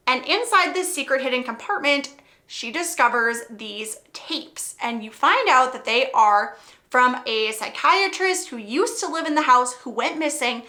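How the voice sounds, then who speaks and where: A woman with a high voice recommends books in casual, excitable chat. Her tone is bright and sharp as she acts out little scenes and begs listeners to read. She is emphatic and animated throughout. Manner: excitable storyteller, acts out quotes; emphatic and pleading. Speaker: book reviewer.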